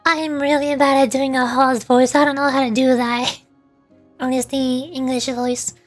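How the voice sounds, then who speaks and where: Giggly high-voiced young woman streamer. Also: level tone, normal speed, faint music behind. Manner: chatty, giggly, rambling. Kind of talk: casual gameplay streaming chat.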